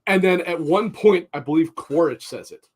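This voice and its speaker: Man, podcast co-host, casual chat, blunt, swears, repeats words, fairly high voice. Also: animated, moderate pace, darkish tone, husky.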